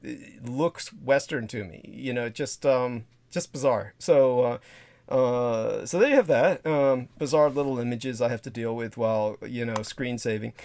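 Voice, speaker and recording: A man's voice: medium pitch, a little mellow, no room sound. A man hosting a livestream in casual, rambling chat who swears freely and drifts into asides. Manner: rambling, profane, jumps between asides. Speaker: livestream host.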